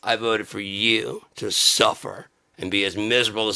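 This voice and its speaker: Bright-toned sarcastic male comedian. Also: fairly low pitch, steady tone, moderate pace, creaky, few pauses. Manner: sarcastic, profane, jumps into mocking voices. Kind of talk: satirical comedy rant.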